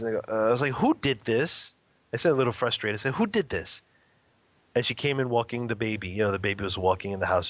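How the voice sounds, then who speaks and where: A man in his thirties, a guest in an interview, telling a family story in a casual, lively way, laughing often and acting out quotes. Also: mid-range voice, no room sound.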